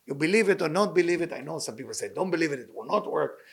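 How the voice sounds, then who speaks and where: Male Torah teacher, higher register, husky, earnest, broken English. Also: animated, fast talker. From Libyan Sephardic family. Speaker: rabbi teaching weekly Torah portion. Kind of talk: informal Torah lesson.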